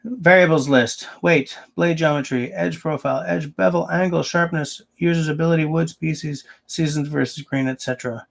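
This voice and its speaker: Gravelly man rambling on a livestream. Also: fairly high pitch, fairly even intonation, normal speed. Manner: rambling, thinks aloud with restarts. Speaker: livestream host. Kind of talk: casual livestream chat, answering viewers.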